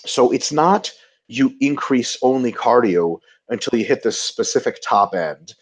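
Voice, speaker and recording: A man's voice: medium pitch, lively intonation, unhurried. A man co-hosting a webinar, explaining training and diet in a loose, conversational way with fillers and restarts. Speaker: co-host.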